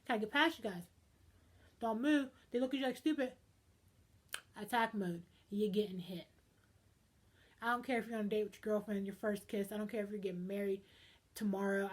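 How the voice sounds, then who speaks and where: A young woman ranting in a casual vlog, dramatic and animated, swinging between loud outbursts and hushed asides. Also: mid-range voice. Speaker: vlogger.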